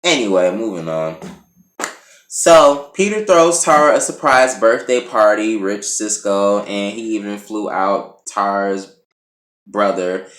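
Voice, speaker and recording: A man's voice: lowish voice, a bit bright. A man giving a sassy, profane, casual recap of a reality show episode in his vlog. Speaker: TV recap vlogger. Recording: roomy echo.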